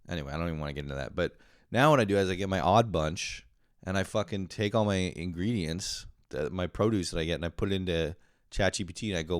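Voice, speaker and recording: A man's voice: low voice, fast talker, clear, resonant tone, no echo, clean studio sound. A man hosting a podcast, talking in a rambling, profane casual monologue full of fillers. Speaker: podcast host.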